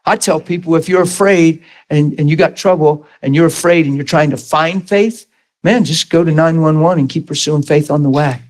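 A middle-aged man with a somewhat high voice preaches a sermon at a moderate pace. Telling a personal story, he animatedly acts out the characters' voices and laughs along the way.

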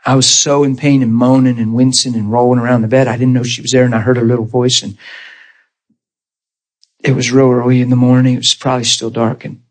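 A man's voice: mid-range voice, brisk. A man preaching a testimony in a conversational, storytelling way, laughing often and asking his listeners questions. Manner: animated, laughs often, acts out quoted voices; conversational, rhetorical asides to listeners.

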